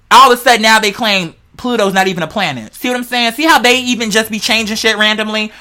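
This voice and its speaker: Stoned vlogger, bright tone, rambling, foul-mouthed, chatty. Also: mid-range voice, quick pace, hardly any pauses. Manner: rambling, playful, heavily profane, talks straight to viewers. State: high on cannabis. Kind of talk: casual rambling vlog monologue.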